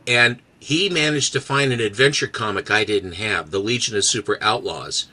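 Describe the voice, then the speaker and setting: A man in casual chat, telling a long family anecdote in a halting, rambling way. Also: on the low side, pushed and bright, rough recording. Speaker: co-host.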